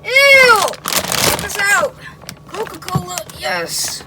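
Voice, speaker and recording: A woman's voice: sits high, slow pace, very noisy. A woman doing a whiny trapped Mario. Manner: whiny, exclaiming. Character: male cartoon plumber, whiny, hungry, trapped. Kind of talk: toy puppet skit. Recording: loud background music.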